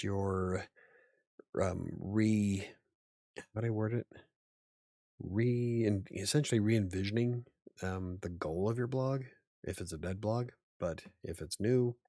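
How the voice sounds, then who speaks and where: A man's voice: on the low side, creaky, a little mellow, no echo, studio quality. A man hosting a casual livestream as an author, rambling a little, chuckling and answering chat comments aloud.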